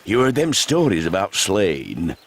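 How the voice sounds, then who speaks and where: A man's voice: sits low, huge pitch swings, unhurried, slight background noise, heavily acted. An actor playing a grumbling townsman in a video game. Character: grumbling townsman, gossiping about the embargo.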